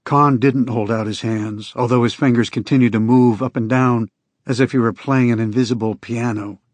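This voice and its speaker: A man reading scripted first-person narration in an even, unhurried storytelling manner. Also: mid-range voice, dry recording. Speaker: audiobook narrator.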